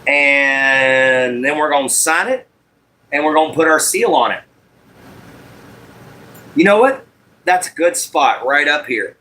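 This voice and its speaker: A man's voice: a little high, animated, slow, long pauses, bright, forceful tone. A man hosting a casual livestream while making a walking stick, greeting viewers by name and apologizing about his audio. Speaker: livestream host.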